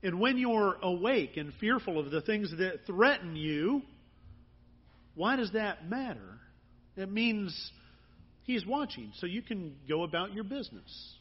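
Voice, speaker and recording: Husky, high-voiced man preaching. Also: very animated, measured pace, muffled recording. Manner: earnest, conversational preaching with rising emphasis. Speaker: pastor. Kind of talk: sermon.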